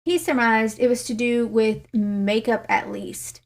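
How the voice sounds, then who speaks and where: Give me a woman reading fan fiction aloud steadily, with a fairly high voice. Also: steady tone, a little slow, gravelly. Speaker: narrator.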